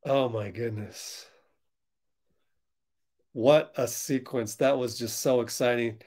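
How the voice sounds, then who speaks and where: A man hosting a fan livestream, reacting loudly to a basketball game as it plays and answering viewers in chat. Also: mid-range voice, fairly even intonation, slow pace. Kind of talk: live basketball watch-along commentary.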